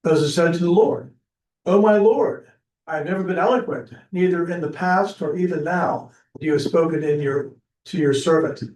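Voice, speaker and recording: A man in a church class reading scripture aloud, a bit halting with small slips. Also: a little high, darkish tone. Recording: roomy, from far off the mic.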